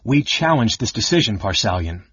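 A man voicing a proud female dark sorceress who speaks low and coldly with a sneer. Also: sing-song, normal speed, breathy edge, dry recording, highs cut off, exaggerated voice. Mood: defiant.

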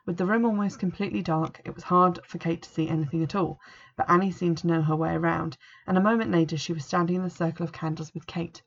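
A woman's voice: fairly low pitch, steady tone, fast talker. A woman reviewing a book and reading an extract aloud in a plain, matter-of-fact way. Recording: dull lo-fi recording.

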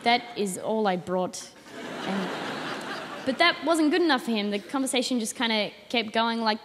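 A nineteen-year-old Australian woman doing a deadpan stand-up set on a comedy stage. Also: normal speed. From Australia (Adelaide). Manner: deadpan, with sudden high shrill rants. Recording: reverberant hall, faint noise.

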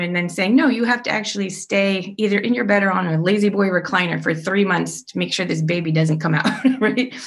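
A woman's voice: mid-range voice, fairly bright tone. A middle-aged woman and podcast guest, telling her life story in a candid, chatty way, with fillers and small laughs.

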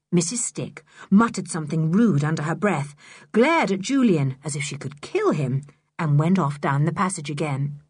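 A woman reading a children's adventure audiobook, expressive and animated with a lively pitch range. Her voice is slightly breathy, recorded close and dry. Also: normal speed, no echo. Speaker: audiobook narrator. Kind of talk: storybook narration.

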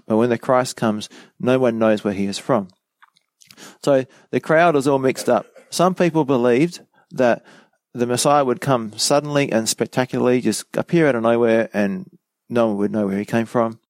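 A man's voice: on the low side, darkish tone, no room sound. A man teaching verse by verse through a Bible passage, reading each verse aloud and then explaining it in conversational asides and questions to the listener. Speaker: pastor teaching a Bible study.

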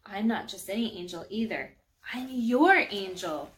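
A woman's voice: fairly high pitch, lively intonation, slow, bright, forceful tone, exaggerated voice. A woman voicing a tiny, playful female angel in a storybook read-aloud, breezy and chatty.

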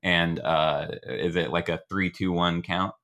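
A man's voice: low-pitched, steady tone, a little slow, a bit bright. A man running an improvised story game as game master, asking playful leading questions.

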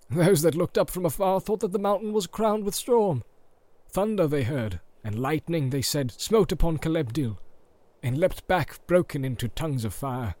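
Gandalf, ein Mann spricht den alten Zauberer. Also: male voice, a little high, darkish tone, no echo, voice pushed up. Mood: solemn. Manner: solemn, measured, chanting verse. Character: ancient wise male wizard, grave and solemn. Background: film score music.

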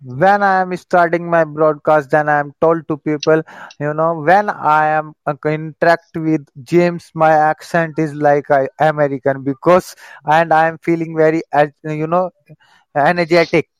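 A man calling into a live stream, talking eagerly in halting, broken English with many fillers. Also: on the high side, flat delivery, smooth, no echo. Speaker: guest caller. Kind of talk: casual chat.

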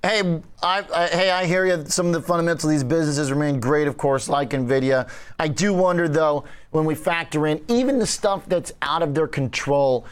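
Animated man hosting a market panel. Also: a little high. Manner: questioning, animated, many fillers. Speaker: host. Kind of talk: financial news panel discussion.

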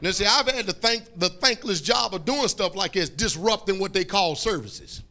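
High, bright-voiced preacher man. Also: expressive, moderate pace. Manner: preaches with call-and-response, repeats phrases, bursts into shouts. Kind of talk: fiery sermon.

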